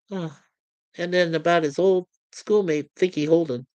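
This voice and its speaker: A woman's voice: fairly low pitch, steady tone, a little mellow, no room sound, rough recording. Woman casually walking through scenes. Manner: loose, halting narration with fillers. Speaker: show reviewer. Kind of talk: casual review, reading quotes aloud.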